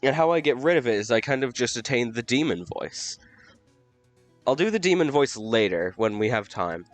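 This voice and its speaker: A man's voice: mid-range voice, lively intonation, normal speed, no echo, faint music behind. A man reading a game's dialogue aloud, with chatty asides about his own voices and audio. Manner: chatty, self-commenting asides. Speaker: game narrator.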